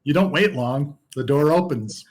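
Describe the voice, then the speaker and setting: A man's voice: fairly high pitch, lively intonation, moderate pace, a little mellow. Casual male game master. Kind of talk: narrating a tabletop game.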